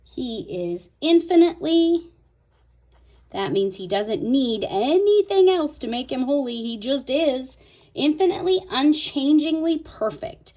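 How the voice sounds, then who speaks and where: A woman's voice: high-pitched, animated, measured pace, mellow. A woman host talking casually through a Bible tabbing tutorial, thinking aloud as she marks pages. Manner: chatty, thinking aloud while marking her Bible. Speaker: Bible study video host.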